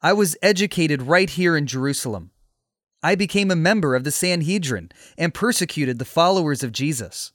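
A man voicing a calm, polite male prisoner speaking up for himself in a storybook. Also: on the high side, moderate pace, dry recording, clean studio sound. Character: calm, polite male apostle under arrest.

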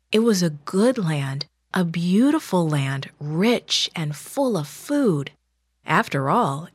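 Woman narrator, slow and measured, lowish voice, dry close sound. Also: dry recording. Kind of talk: scripted storybook narration.

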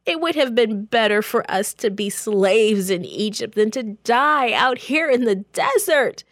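A woman voicing a panicked, wailing crowd of desert refugees in a shrill, high, frantic voice. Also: expressive, a little slow, no echo, studio quality.

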